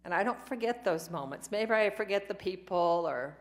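In an animated, mid-range voice at normal speed, a woman recounts her personal recovery at a meeting. She rambles, gets emotional, and imitates the voices of people she quotes.

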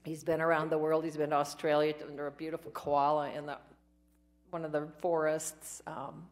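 A woman's voice: deep voice, flat delivery, moderate pace. A woman sharing her personal recovery story at a meeting, rambling and emotional, acting out what others said to her. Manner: rambling, emotional storytelling that acts out quoted voices.

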